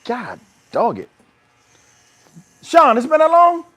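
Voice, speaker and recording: A man's voice: very high-pitched, huge pitch swings, fairly bright tone. A man co-hosting a casual barbershop talk show, teasing his partner and jumping in with questions. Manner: teasing, quick to laugh and jump in. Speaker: co-host.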